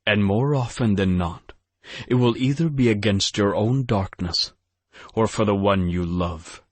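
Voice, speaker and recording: A male narrator voicing a calm, wise ancient vampire who speaks slowly and gravely. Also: on the low side, no room sound. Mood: solemn. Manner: slow, grave, measured.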